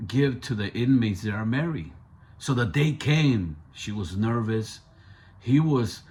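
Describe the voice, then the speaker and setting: A man telling a true story in a conversational way, with street slang and frequent asides to the listener. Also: fairly low pitch. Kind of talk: casual true-story narration.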